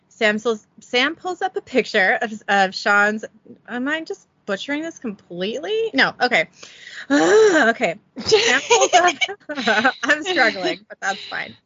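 A woman on the high side of the pitch range, bright and forceful with a slightly rough edge, reads a podcast episode recap. She jokes about the script in a giggly, self-deprecating way and gives the quotes little voicing. The recording is dry and the audio dull.

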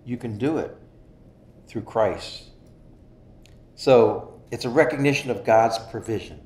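A man preaching a sermon in an earnest style, stressing key phrases slowly. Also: medium pitch, a little mellow. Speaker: pastor. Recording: echoey room.

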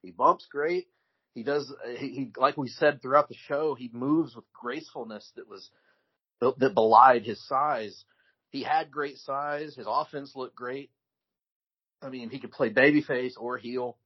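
A man co-hosting a podcast in casual chat, telling stories in a relaxed way with frequent restarts. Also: mid-range voice, breathy edge. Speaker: podcast co-host. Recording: dull lo-fi recording.

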